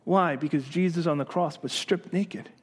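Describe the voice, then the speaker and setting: Man pastor, high-pitched voice, lively sermon delivery with rhetorical questions and light humor. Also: moderate pace, husky.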